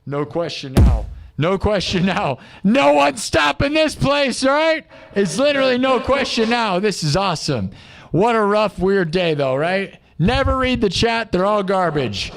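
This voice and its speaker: A man's voice: high-pitched, sing-song, moderate pace, vocal fry, big-room sound. A man hosting a live music stream, hyping up his viewers with chanted pep talk and jabs at his haters.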